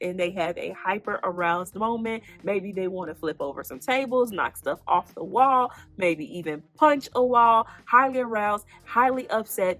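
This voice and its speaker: A woman hosting a faith-based self-help podcast who teaches in an animated way, asking the listener questions and then answering them herself. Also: medium pitch. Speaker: podcast host.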